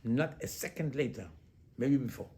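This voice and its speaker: Rabbi preaching with rhetorical questions. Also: male voice, medium pitch, moderate pace, dark tone. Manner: fires off rhetorical questions and repeats them; mixes Hebrew religious terms into English. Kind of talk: sermon.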